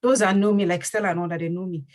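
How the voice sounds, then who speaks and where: Speaking at a racing pace in a steady, lowish tone, a woman hosts a panel discussion for her community. She is earnest and repeats phrases for emphasis, though the recording is of poor quality.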